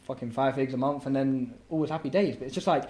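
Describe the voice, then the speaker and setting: Fast-talking young man. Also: medium pitch. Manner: animated, laughing, slangy storytelling. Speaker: guest entrepreneur. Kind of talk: casual storytelling chat.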